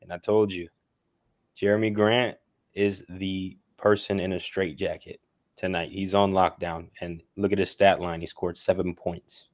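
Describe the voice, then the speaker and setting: A man's voice: deep voice, flat delivery, measured pace, no echo, studio quality. A man calling in to a sports show, eager and rambling, stumbling over his words. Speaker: caller. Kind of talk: phone-in chat.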